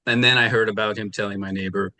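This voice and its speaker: A man with a low but bright, forceful voice gives courtroom testimony. He rambles through his side of a neighbor dispute, stopping to act out what each person said. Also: fairly even intonation, fast talker. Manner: rambling, retells arguments with quoted dialogue. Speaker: litigant testifying. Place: television courtroom.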